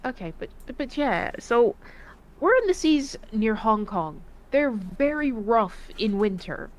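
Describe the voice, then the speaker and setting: A woman who served in the Navy, telling profane, animated stories in a casual voice chat. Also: a little high, a little slow. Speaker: Navy veteran storyteller.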